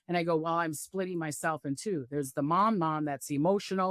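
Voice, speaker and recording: A woman's voice: sits low, quick pace, few pauses, dry recording, studio quality. A middle-aged woman, a psychic, talking casually in an interview and acting out the voices of people she quotes. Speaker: psychic medium guest. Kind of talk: casual spiritual interview talk.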